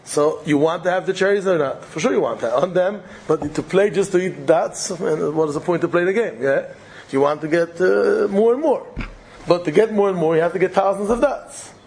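A man's voice: sits high, normal speed, vocal fry, darkish tone, slight background noise, rough recording. A man delivering an impassioned storytelling sermon, repeating phrases for dramatic weight. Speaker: preacher.

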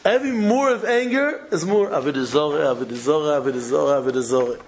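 A man's voice: fairly high pitch, lively intonation, fast, a little hiss or hum, poor audio. A man giving a Torah lecture, telling a parable and repeating phrases for emphasis, with Hebrew and Yiddish terms woven in. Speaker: rabbi giving a talk.

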